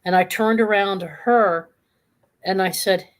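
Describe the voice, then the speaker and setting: A woman hosting a live talk show, telling a calm, reflective story from her own past. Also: mid-range voice, a little slow. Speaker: host.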